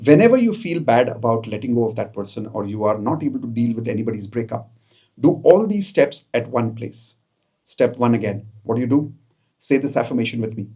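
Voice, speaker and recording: A man's voice: medium pitch, animated, brisk, dark tone, slightly rough. A man, coaching viewers through spoken affirmations and repeating each phrase with them. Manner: coaxing, repeats each phrase, mixes in Hindi. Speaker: self-help coach. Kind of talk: guided affirmation session for viewers. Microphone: camera, self-recorded.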